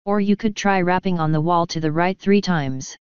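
A woman's voice: on the low side, normal speed, a little mellow, clean tone, dry recording, close to an everyday voice. A woman voicing an elegant, theatrical female pony with a refined, airy manner. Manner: airy, refined, says darling. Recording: dull lo-fi dry recording.

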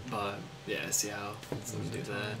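A man's voice: fairly low pitch, monotone, moderate pace, creaky, over loud music. A young man co-hosting a casual let's-play, chatty and laughing often as he tells stories. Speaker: co-host gaming commentator.

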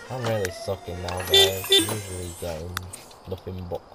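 Casual male let's-player who rambles and laughs, low-level home mic under game music. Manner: chatty, rambling, laughs often. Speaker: gameplay commentator. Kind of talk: casual let's-play commentary.

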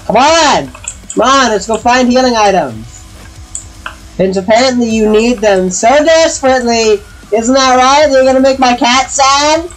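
A woman's voice: on the high side, lively intonation, normal speed, faint music behind, low-quality recording. A woman chatting casually while gaming, swearing a lot and scolding her cat in exasperated bursts. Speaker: gamer streaming with friends.

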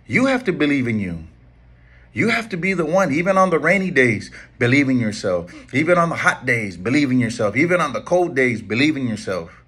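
Middle-aged barber, husky voice, earnest motivational mentor repeating his points. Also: mid-range voice, big pitch swings, fairly quick, fairly bright tone. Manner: earnest, pleading, repeats key lines. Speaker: barber and shop owner. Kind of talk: motivational talk to camera.

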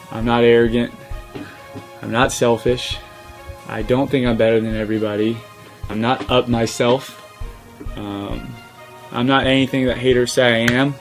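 Speaking to his followers in a personal vlog, a young man sounds earnest and on the verge of crying. His voice is medium in pitch, and he hesitates often, filling gaps with "um."

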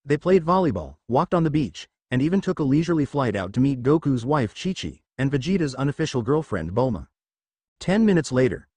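A man's voice: medium pitch, expressive, brisk, a little mellow, dry recording. Man narrating a fan story. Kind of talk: reading a fan fiction story aloud.

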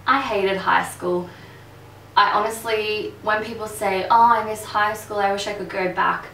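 A woman's voice: mid-range voice, a bit bright, a little hiss or hum. A woman, chatting candidly to camera as a beauty vlogger and swearing freely. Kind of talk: casual to-camera chat. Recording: echoey room, mic a bit distant.

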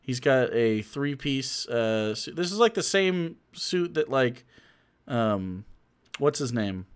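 A man's voice: medium pitch, very animated, slow, smooth. A man streaming live, giving sarcastic, mocking commentary on videos. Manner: sarcastic, mocking, laughs often.

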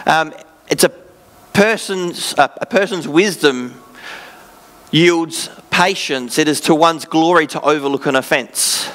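A man's voice: a little high, a bit bright. An Australian man, a pastor, preaching a sermon in an earnest, conversational way with self-deprecating asides.

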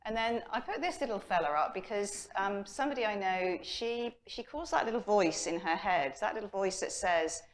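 A middle-aged woman from England, a personal development coach, speaking at a conference and telling stories with lively acted-out inner voices. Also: medium pitch, moderate pace, hardly any pauses. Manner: lively storytelling, acts out her inner voice. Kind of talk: conference talk. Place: conference hall.

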